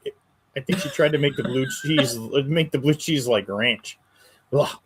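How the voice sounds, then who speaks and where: Male co-host, Western New York accent, mid-pitched, easygoing and brief. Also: moderate pace, a crowd in the background, rough recording. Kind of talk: casual live-stream chat.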